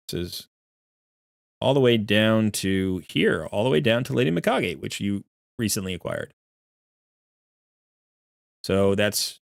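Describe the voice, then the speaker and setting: A man's voice: on the low side, vocal fry, no room sound, clean studio sound. A man giving chatty, rambling live-stream commentary as he looks through a viewer's game account, often correcting himself.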